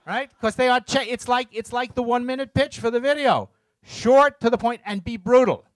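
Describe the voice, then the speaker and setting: A man's voice: very high-pitched, normal speed, no echo. A middle-aged man co-presenting a seminar, giving blunt, joking advice and acting out little scenes in put-on voices.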